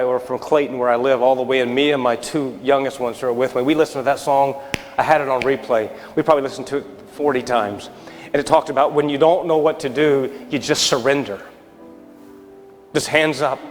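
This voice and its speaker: A man in his thirties preaching a sermon, telling a story with acted-out dialogue and lively shifts between excited and hushed delivery. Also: medium pitch. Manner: animated storyteller, acting out dialogue, dropping to a hushed close. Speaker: pastor. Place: church sanctuary. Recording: reverberant church live stream with faint music.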